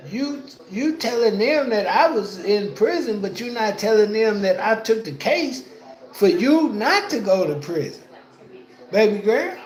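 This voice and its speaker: A man talks casually on a livestream from home, rambling and repeating himself with plenty of slang. His voice sits high for a man and he takes his time with each phrase. The sound bounces around an echoey room. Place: at home indoors.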